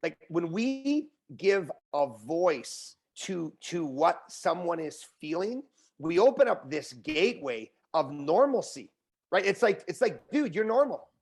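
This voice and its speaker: A man speaking as a guest in an interview. He talks the way a motivational speaker does, animated and encouraging. His voice sits a little above the usual male pitch. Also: takes it slowly, vocal fry. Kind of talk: conversational interview.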